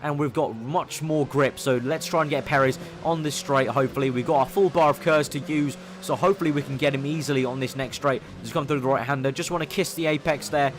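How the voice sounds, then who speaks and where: A young man giving eager play-by-play commentary over his own racing game, getting excitable when he overtakes. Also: mid-range voice, fairly quick, few pauses, background noise. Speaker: gaming commentator.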